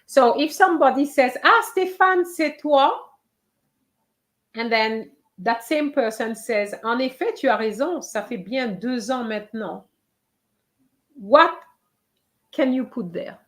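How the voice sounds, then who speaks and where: A woman teaching a live online French writing lesson, slowly reading out students' answers and encouraging them. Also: fairly high pitch.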